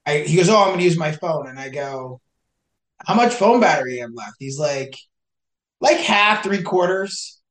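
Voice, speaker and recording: Young male podcast guest, animated storyteller, roomy echo. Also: a little high, moderate pace. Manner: animated, acts out both sides of dialogue. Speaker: podcast guest, search and rescue hiker. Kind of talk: casual storytelling.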